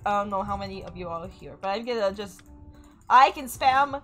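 A young woman from Saskatchewan chatting excitably while streaming a game, often squealing and laughing. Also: mid-range voice, brisk, soft background music. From Saskatchewan, Canada. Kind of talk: live gameplay stream chatter.

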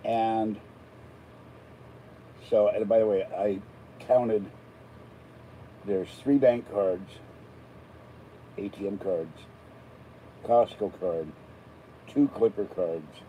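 A man's voice: fairly low pitch, drawn-out words, long pauses, warm tone, a little hiss or hum, rough recording. An older man from Pittsburgh, chatting casually and rambling between topics as he unboxes an item. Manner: chatty, digressive, self-deprecating asides. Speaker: unboxing vlogger.

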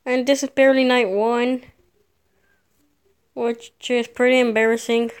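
A woman's voice: fairly high pitch, flat delivery, a little slow, clear, resonant tone. A frightened woman commenting on a horror game as she plays, jittery and laughing nervously. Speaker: gamer.

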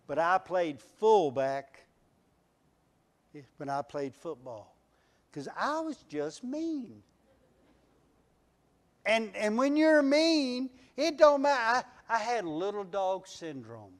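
A man pastor preaching a folksy sermon in a church, building to near-shouts on his refrains. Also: high-pitched, big pitch swings, takes it slowly, pauses often. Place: church sanctuary.

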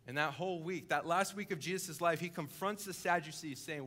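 A young adult coordinator preaching a sermon in church, telling a story vividly, dropping to a hush and then building to emphasis. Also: male voice, fairly high pitch, fairly quick. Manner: vivid storytelling, acting out the characters; swings between hushed and emphatic. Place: church service, live-streamed.

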